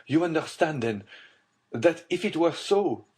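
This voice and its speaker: A man's voice: on the high side, lively intonation, measured pace, darkish tone, breathy edge, voice pushed up. A male reader slightly lifts his voice for a desperate nobleman whose mind teeters near despair. He speaks tensely and urgently, with a grave weight on every phrase. This is an audiobook character voice. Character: desperate scheming nobleman, middle-aged prosecutor.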